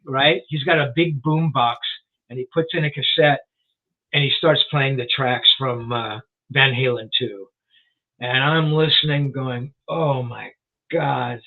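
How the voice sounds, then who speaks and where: A man's voice: mid-range voice, a little slow. A man in his sixties, a rock journalist and author, telling a story as a guest in a casual interview, rambling with lots of "you know" and restarts. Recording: tinny phone-like line.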